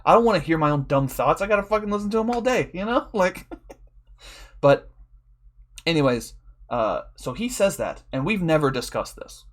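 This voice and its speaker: A man's voice: fairly high pitch, sing-song, moderate pace. A man telling a long, rambling story in a casual, profane way, laughing often as a draft league coach.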